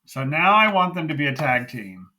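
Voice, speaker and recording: Male podcast co-host, bright tense voice, effusive casual chatter. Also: on the high side, sing-song, normal speed, a little hiss or hum, low-quality recording. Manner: gushing, emphatic, repeats himself. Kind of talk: casual wrestling review chat.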